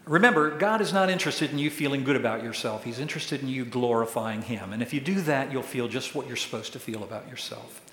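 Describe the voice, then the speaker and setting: A pastor preaching a sermon, who acts out quoted questions in a raised voice. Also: male voice, medium pitch, quick pace, hardly any pauses, fairly bright tone. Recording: echoey hall with long reverb.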